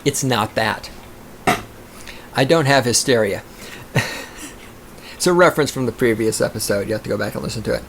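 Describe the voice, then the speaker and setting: Podcast host, male, profane combative ranter, animated pitch, faint hiss behind. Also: moderate pace, vocal fry, pauses often. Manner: profane, combative, swings into loud outbursts. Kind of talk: profane ranting monologue.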